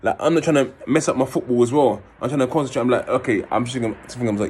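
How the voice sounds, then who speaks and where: A man, telling a personal story and acting out quoted voices in a raised pitch. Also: racing, slight background noise. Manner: animated, acts out quotes in a raised voice.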